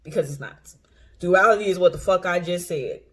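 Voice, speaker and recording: Talking off the cuff to camera, this tarot reader and intuitive coach uses a mid-range voice at normal speed. Her delivery is blunt and full of profanity, with frequent laughter and repeated phrases for emphasis.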